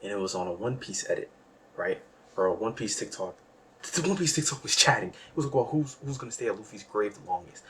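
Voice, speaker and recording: A young man talking in a casual, rambling monologue that is self-deprecating and jumps from quiet musing to loud outbursts. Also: fairly low pitch, animated, fast, recorded from a distance, noisy background. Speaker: vlogger. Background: background music.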